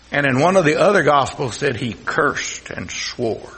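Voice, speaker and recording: Brief: Texas-accented male pastor, folksy sermon, high voice, long hall reverb. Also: wildly swooping pitch, unhurried. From South Texas. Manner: folksy preaching, swings from loud to hushed.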